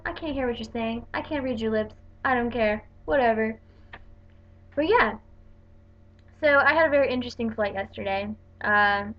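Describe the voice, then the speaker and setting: Young woman, from the northeastern US, casual vlog storytelling, chatty, fairly high voice, dull lo-fi webcam sound. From northeastern United States. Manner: chatty, animated quoting of people. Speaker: vlogger.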